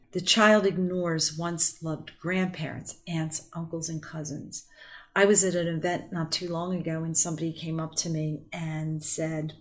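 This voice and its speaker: A middle-aged woman with a fairly low voice, speaking as a counselor to parents. She talks in an earnest, emphatic way and often acts out what people say. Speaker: family counselor. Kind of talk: explanatory talk to parents.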